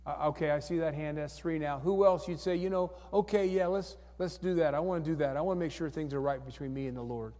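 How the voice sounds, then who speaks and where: Guy pastor doing an altar call, slightly high voice, kinda echoey church hall, keeps asking anyone else. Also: quick pace, few pauses, warm tone. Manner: coaxing, repetitive, calls for hands again and again. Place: church sanctuary.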